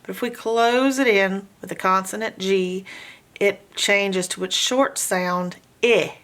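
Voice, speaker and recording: A woman's voice: mid-range voice, steady tone, slow pace, fairly bright tone. A woman teaching a phonics lesson, patiently sounding out letters and words in repeated drills. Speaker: homeschool reading teacher.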